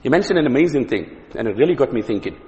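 A man's voice: medium pitch, big pitch swings, very fast, darkish tone, long reverb tail, lo-fi sound. A South African man giving a religious lecture, telling stories and jokes and often repeating words as he goes. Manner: anecdotal, joking, with repeated words. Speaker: Islamic preacher.

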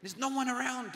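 A man in his forties giving a live talk to an audience, with loud and soft swings and near-whispered asides for emphasis. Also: very high voice, slight background noise. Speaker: speaker on parenting and teaching. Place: large hall with a live audience. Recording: long hall reverb from a live talk.

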